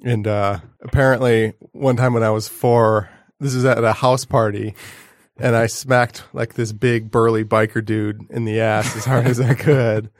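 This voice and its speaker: A man's voice: medium pitch, flat delivery, unhurried, no echo. A man chatting casually on a podcast, telling stories in a dry, self-deprecating way. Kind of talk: casual chat.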